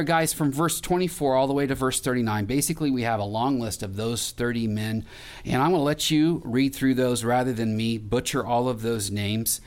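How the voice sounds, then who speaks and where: A middle-aged male pastor preaching a sermon in a conversational way, with restarts and questions put to the congregation. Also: medium pitch.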